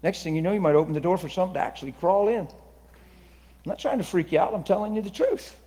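Husky preacher man in a ringing hall. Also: high voice, quick pace. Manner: swings from hushed confiding to loud excited preaching. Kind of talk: sermon testimony. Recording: long reverberant hall.

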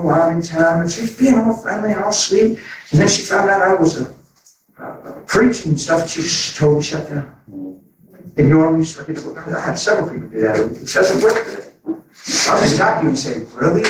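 A man preaching a sermon, telling stories with animated energy, laughing and acting out conversations. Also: a little high, slight background noise. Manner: animated, laughing, acts out dialogue. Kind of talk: sermon with storytelling. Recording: very echoey, distant from mic.

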